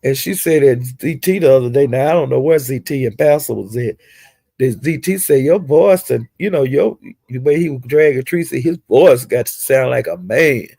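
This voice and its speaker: A man giving a casual, rambling gossip recap of livestreams, with animated retelling and frequent asides. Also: mid-range voice, moderate pace, gravelly, slightly rough, dry recording.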